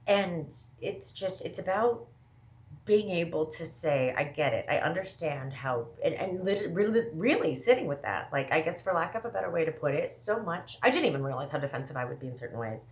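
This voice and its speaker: A woman from the American Midwest talking casually to her viewers, rambling fast with lots of asides and self-interruptions. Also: sits low, animated. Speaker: vlogger. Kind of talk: casual monologue to camera.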